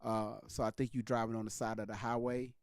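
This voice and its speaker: A man's voice: lowish voice, level tone, fairly quick, clean tone, no echo, clean studio sound. A man hosting a casual livestream call, talking loosely and repeating himself as he manages callers. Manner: loose, repetitive, talks over guests. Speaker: livestream host.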